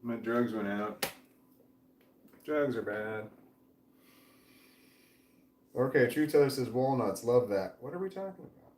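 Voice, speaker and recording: A man's voice: mid-range voice, expressive, unhurried, long pauses, darkish tone. A man in his forties hosting a home livestream, chatting in a rambling way, trailing off and swearing casually as he reads viewer comments. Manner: meandering, trails off mid-sentence, swears casually. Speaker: livestream host reading chat. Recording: roomy, distant mic with faint background noise.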